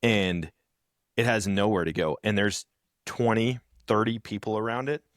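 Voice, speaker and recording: A man co-hosting a podcast in casual chat, telling animated stories and acting out the people in them. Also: lowish voice, normal speed, no echo, clean studio sound. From rural background. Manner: storytelling, animated when acting out others. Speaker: podcast co-host.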